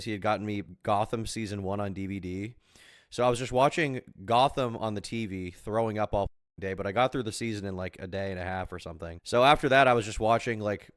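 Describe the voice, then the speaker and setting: Low-voiced man streaming, joking and crude. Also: clean tone, dry recording, studio quality. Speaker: live streamer. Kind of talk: casual livestream chat. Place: at home.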